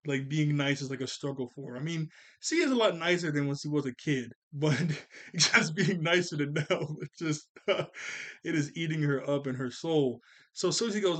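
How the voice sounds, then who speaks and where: A young man giving a casual episode review of a cartoon, chuckling often and jumping into quick character voices. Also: a little high.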